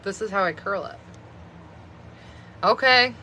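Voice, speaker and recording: Bright-voiced chatty woman streaming. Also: mid-range voice, unhurried, a little hiss or hum. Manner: rambling, chatty, many fillers of "like". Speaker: live streamer. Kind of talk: casual live stream chat.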